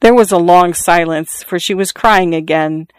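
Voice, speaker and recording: A narrator reading a literary story aloud in a measured, even audiobook style. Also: mid-range voice, smooth, no echo.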